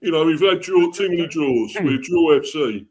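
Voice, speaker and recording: A man answering questions as a guest fan of the rival team in casual chat, relaxed and hesitant, with lots of ums. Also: fairly high pitch, moderate pace.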